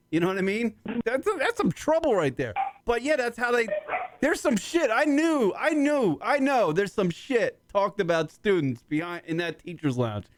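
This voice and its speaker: A man hosting a comedy talk radio show, telling rambling stories with a lot of swearing and rising excitement. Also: high voice, no echo. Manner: rambling storyteller, swears freely, gets worked up.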